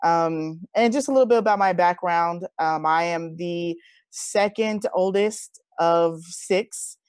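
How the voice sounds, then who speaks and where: Speaking slowly in a smooth, low-leaning voice, a thirty-something woman shares personal stories as an interview guest. The studio recording is clean and dry, and her retelling comes across as sincere, heartfelt and lively.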